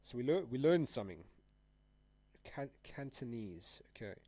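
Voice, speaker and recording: A man's voice: medium pitch, sing-song, normal speed, mellow, dry recording. Man, young adult, casual live-stream chat, rambling and slangy, dry sound. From South Africa. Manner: laid-back, rambling, slangy, laughs often. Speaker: trading livestreamer.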